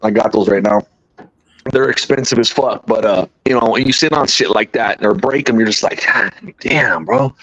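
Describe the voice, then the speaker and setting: A man in casual podcast chat, relaxed and profane, calling his friend "bro". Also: fairly low pitch, fairly quick, muffled recording. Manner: laid-back, profane, calls the other man "bro".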